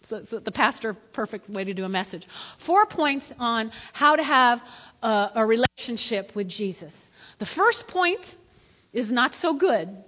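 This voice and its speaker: A woman pastor preaching a lively sermon in church, swinging between loud calls and hushed asides. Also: fairly high pitch, measured pace. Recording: echoey hall.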